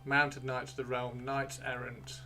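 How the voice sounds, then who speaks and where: A man's voice: medium pitch, monotone, unhurried, background noise. A man hosting a livestream, chatting casually and rambling to himself as he browses, with the odd swear. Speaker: livestream host. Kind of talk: casual chat while gaming.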